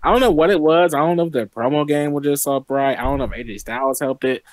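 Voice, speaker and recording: A man co-hosting a casual review chat, talking excitedly and repeating himself. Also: fairly high pitch, fast, no room sound. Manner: chatty, repeats words when excited. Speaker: co-host.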